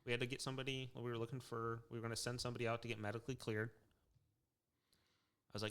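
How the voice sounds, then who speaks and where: A man who once worked in social work, telling a long work story in casual chat with many fillers, restarts and frequent throat clearing. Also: medium pitch, flat delivery, brisk, long pauses, sharp tone. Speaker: podcast co-host.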